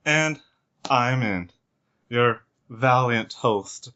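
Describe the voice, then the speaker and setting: A man's voice: medium pitch, lively intonation, a little slow, sharp tone. A man hosting a podcast in casual chat, joking and laughing often. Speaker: podcast host. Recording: dull lo-fi podcast recording.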